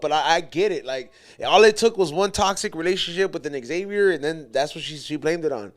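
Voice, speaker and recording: Lively slangy man chatting on a podcast. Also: a little high, fairly quick, few pauses. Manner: loose, slangy, animated storytelling. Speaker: podcast co-host. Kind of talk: casual chat.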